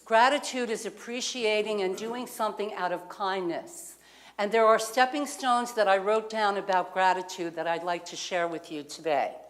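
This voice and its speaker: With a mid-range voice and ordinary pace, a woman minister addresses her congregation in a community center lounge. Her sermon includes a conversational personal story, and she asks the listeners questions.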